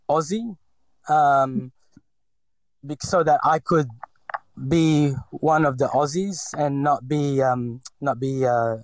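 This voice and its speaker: A man's voice: mid-range voice, no room sound, low-quality recording. Man, forties, slight Filipino accent, hesitant, fillers and restarts, personal interview, dry close sound. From Philippines. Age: 40s.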